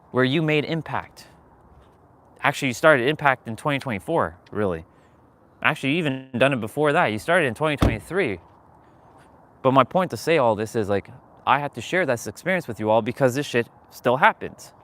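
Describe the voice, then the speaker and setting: A man's voice: medium pitch, a bit bright. A man hosting his own livestream, talking candidly and emotionally about his feelings, swearing and rambling with restarts. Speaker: livestream host. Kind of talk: casual confessional livestream talk.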